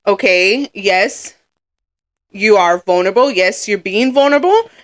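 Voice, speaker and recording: A woman co-hosts a casual podcast, telling animated stories full of acted-out quotes and laughing often. Her voice is medium-pitched and unhurried.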